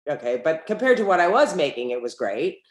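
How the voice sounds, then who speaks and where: A middle-aged woman, an entrepreneur guest on an interview, telling stories in a lively way and acting out the dialogue in them. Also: low-pitched, fairly quick. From United States. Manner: lively storyteller who acts out quoted dialogue. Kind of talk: conversational interview. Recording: roomy echo.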